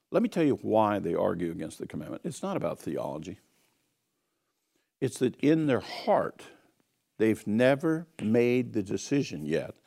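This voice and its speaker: A man's voice: fairly low pitch, vocal fry, a little mellow. A man giving an earnest teaching sermon on scripture, emphatic and repeating key phrases. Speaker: Bible teacher.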